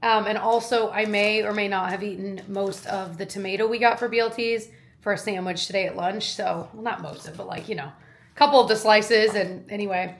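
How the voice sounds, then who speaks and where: A woman's voice: mid-range voice, fairly even intonation, a little hiss or hum. Cheerful chatty woman vlogging. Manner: cheerful, chatty, quick asides. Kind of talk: casual vlog chat.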